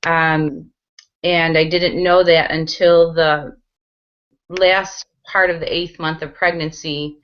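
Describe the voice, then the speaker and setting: Woman from the US, middle-aged, interview guest, earnest, low voice, dull lo-fi sound. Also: level tone, slow. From United States. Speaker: guest, mother. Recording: dull lo-fi audio.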